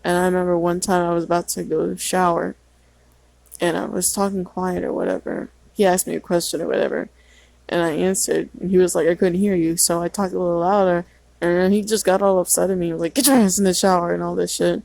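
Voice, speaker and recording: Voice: medium pitch, flat delivery, fast, creaky, a little mellow, no echo, low-quality recording. A teenager rambling and venting in a casual vlog, full of "like" and swearing. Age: teens. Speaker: vlogger.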